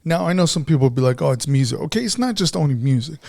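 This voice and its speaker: A man with a fairly high, gravelly voice, co-hosting a podcast as casual chat. He talks bluntly and sounds frustrated, swearing all the time. The sound is dry and close. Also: expressive, fast, a little mellow, no room sound. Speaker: podcast co-host.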